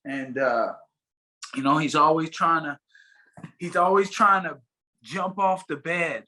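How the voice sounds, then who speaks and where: A man's voice: fairly high pitch, takes it slowly, long pauses, sharp tone, poor audio. A man being interviewed as a fighter guest, talking casually and rambling with many fillers and restarts over a video call.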